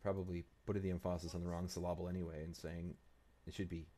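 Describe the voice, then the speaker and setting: A man's voice: low-pitched, flat delivery, fast talker, dark tone. A man hosting a strategy game playthrough, thinking aloud and muttering to himself and the game as he plays. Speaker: let's play host.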